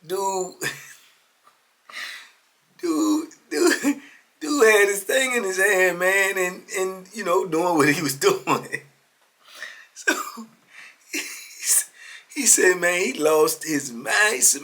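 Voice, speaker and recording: Man in his 50s, casual storytelling, high bright voice, laid-back slang. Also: unhurried. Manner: animated, laid-back slang, frequent "you know what I'm saying". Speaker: storyteller guest.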